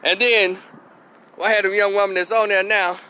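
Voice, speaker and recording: A man's voice: high voice, flat delivery, normal speed, pushed and bright, smooth. A man giving a blunt, profane opinion rant, stressing his points and laughing in scorn. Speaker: opinion vlogger.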